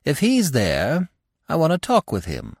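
A man's voice: a little high, huge pitch swings, measured pace, gravelly, darkish tone, dry recording, studio quality, pitched above the performer's own voice, full character voice. A man voicing an arrogant young male deer who talks in a scornful, superior way. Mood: dismissive.

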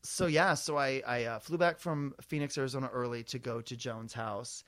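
A man co-hosting a podcast, telling animated anecdotes in casual chat, full of fillers. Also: medium pitch, normal speed. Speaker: podcast co-host.

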